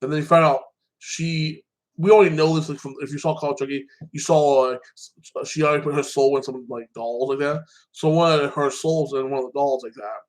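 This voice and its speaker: A man's voice: fairly high pitch, steady tone, brisk, low-quality recording. A man giving a casual, rambling recap of a TV season, swearing freely and tagging phrases with "like that". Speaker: show reviewer.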